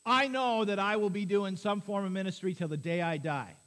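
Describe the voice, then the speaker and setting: A man preaching a sermon as pastor to his congregation, lively and quizzing the listeners with questions. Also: sits high, brisk. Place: church.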